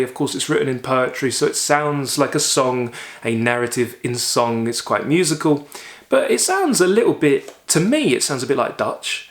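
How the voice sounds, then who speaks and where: A man's voice: mid-range voice, roomy sound. A man hosting a literature book club, giving a chatty, enthusiastic lesson to camera. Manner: enthusiastic, conversational explainer.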